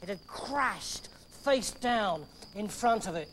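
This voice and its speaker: A man telling a story in lively, playful scripted narration that drops to hushed tones. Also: high-pitched, slow, few pauses, slight background noise.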